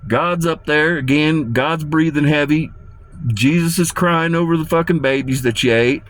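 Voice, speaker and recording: A man's voice: fairly high pitch, moderate pace, a bit bright. A man delivering a rambling, profane and menacing rant to his viewers, often repeating himself. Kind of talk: ranting monologue to camera.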